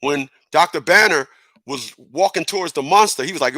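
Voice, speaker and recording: A man's voice: fairly high pitch, animated, moderate pace, bright, forceful tone, dry recording. A middle-aged man giving a casual opinion monologue, emphatic and repeating words as he builds his point. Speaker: commentator.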